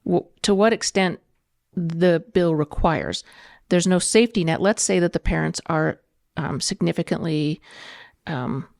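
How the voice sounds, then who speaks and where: A middle-aged woman, a podcast guest, arguing her position in an earnest, measured way. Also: lowish voice, gravelly, a little mellow, no room sound, studio quality. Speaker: guest, political candidate. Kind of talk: debate in a podcast interview.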